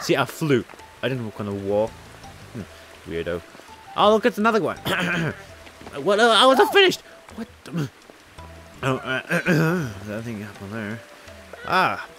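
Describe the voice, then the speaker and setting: A man giving playful let's-play commentary at a desk mic, giggling and shouting with excitement as he plays. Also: on the high side, unhurried, long pauses, faint music behind. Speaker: gaming youtuber. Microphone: desk microphone with headphones.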